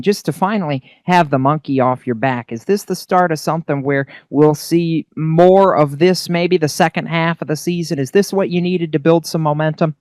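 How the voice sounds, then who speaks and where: A man's voice: on the high side, clear, resonant tone, no room sound. A man doing victory lane interviews on an online racing broadcast, upbeat and chatty, asking long questions.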